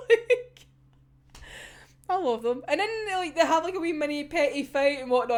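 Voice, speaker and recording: High, lively Scottish woman swearing. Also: unhurried. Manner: animated, sweary, laughs often. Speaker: anime reviewer. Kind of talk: casual episode discussion.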